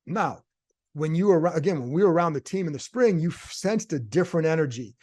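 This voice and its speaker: A man's voice: on the high side, lively intonation, a little fast, a little mellow. Man reporter musing through rhetorical questions. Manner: conversational, thinks aloud with rhetorical questions. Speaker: sports reporter and podcast host. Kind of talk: casual solo commentary.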